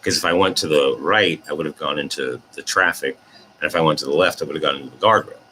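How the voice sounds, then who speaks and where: Man, fifties, deep pitch, forceful tone, casual storytelling, self-deprecating. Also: fast, a little hiss or hum. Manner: self-deprecating, animated retelling. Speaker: host.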